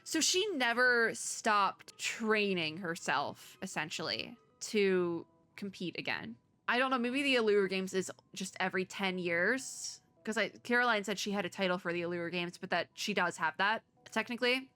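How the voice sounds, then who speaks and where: A woman's voice: mid-range voice, moderate pace, pushed and bright, no room sound. A woman hosting a let's play, reading game text aloud and reacting with emotional, tearful, laughing, rambling commentary. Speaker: VTuber let's play host.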